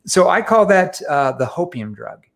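A man as an interview guest, telling lively, self-mocking sales stories with frequent restarts. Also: sits high, moderate pace, gravelly. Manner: animated, self-mocking anecdotes with many restarts. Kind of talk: storytelling in a casual interview.

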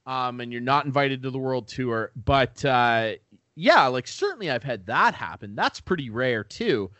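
A man's voice: mid-range voice, lively intonation, unhurried, fairly bright tone, no echo. A man co-hosting a podcast, telling a story in casual, profane chat over a remote call. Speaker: podcast co-host. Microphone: remote call mic.

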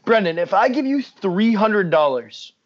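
A man's voice: sits high, animated, a little slow. A young man co-hosting a casual sports podcast, blunt and ranting, swearing freely. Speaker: podcast co-host. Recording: dull lo-fi podcast mic.

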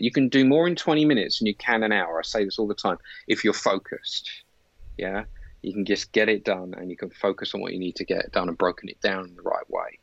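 A man's voice: fairly low pitch, fairly bright tone, dry recording, highs cut off. A middle-aged man, a leadership coach, explaining his approach in an earnest conversational way with frequent fillers. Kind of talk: conversational interview.

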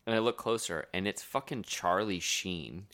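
A man's voice: low voice, normal speed, a bit bright. A man from St. Louis, a podcast guest, chatting in a laid-back way full of "like" and "you know". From St. Louis, USA. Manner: laid-back, filler-heavy, lots of "like". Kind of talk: casual chat.

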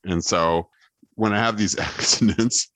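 A man's voice: on the low side, unhurried, fairly bright tone, dry recording. A man in a casual interview about songwriting, rambling and joking with lots of fillers, from Texas. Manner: rambling, jokey, many fillers. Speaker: guitarist and songwriter being interviewed. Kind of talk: casual chat.

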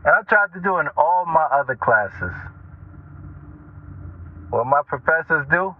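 A man telling casual stories as a radio talk host, animated and chatty, often checking in with the listener. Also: high-pitched, unhurried, pauses often. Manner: animated, chatty, keeps asking "right?". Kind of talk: casual storytelling monologue. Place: lives in Norfolk, Virginia. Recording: tinny phone-like line, dry.

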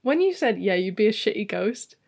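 A woman co-hosting a casual podcast, reacting with wry, quick comebacks. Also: mid-range voice, big pitch swings, gravelly, darkish tone, breathy edge. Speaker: podcast co-host. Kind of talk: casual chat.

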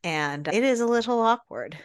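A woman co-hosting a podcast, summarizing the story in a measured, casual way and drawing out her words. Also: on the high side, animated, clean tone. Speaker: podcast co-host. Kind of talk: casual book discussion.

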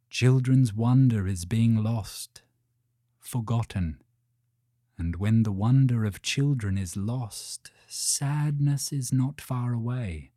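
A man voicing a wise, soothing ancient spirit who speaks gently and slowly. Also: mid-range voice, dry recording, studio quality.

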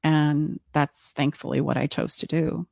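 A woman's voice: low voice, a little slow, gravelly, no echo, studio quality. A middle-aged woman co-hosting a podcast, candidly telling a personal story and acting out her own thoughts. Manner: candid, expressive, acts out her own inner voice. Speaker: podcast co-host.

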